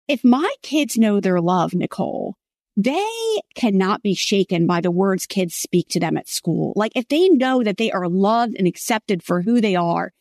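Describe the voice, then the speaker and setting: A woman's voice: mid-range voice, big pitch swings, a little slow, a little mellow, dry recording, studio quality. A woman author as a guest in a faith interview, telling personal stories in an earnest, heartfelt way.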